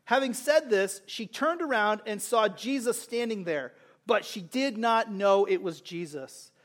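Male preacher, very high pitch, impassioned sermon delivery with loud-to-soft swings and a chatty "right?" habit. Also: expressive, a little slow. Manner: impassioned, swinging between loud urgent calls and soft intimate asides; conversational, with frequent rhetorical "right?".

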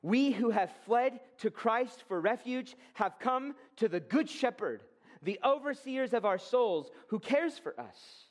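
Male pastor preaching a fervent sermon; high voice, swelling emphasis. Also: animated, measured pace.

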